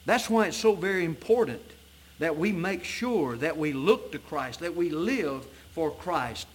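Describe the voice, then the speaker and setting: A man preaching an evening sermon in a church, reading scripture in old-fashioned wording and swinging between loud emphatic peaks and low, soft passages. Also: husky. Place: church sanctuary at an evening service.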